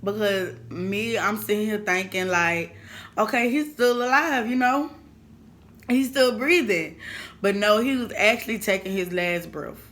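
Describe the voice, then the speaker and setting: A woman vlogger telling a painful personal story to camera in a halting, emotional way, holding back tears. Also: medium pitch, fairly bright tone. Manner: emotional, halting, repeats herself.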